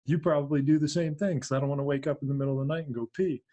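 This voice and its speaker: A man who hosts a podcast and is a father, chatting in a joking way and quick to laugh. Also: on the high side, fairly even intonation, dark tone. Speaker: podcast host. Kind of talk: casual podcast conversation.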